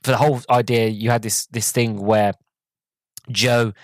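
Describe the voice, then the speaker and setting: A man's voice: mid-range voice, little pitch movement, normal speed, dry recording. Rambling, enthusiastic male podcast host. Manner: rambling, many restarts and fillers. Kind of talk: casual movie review.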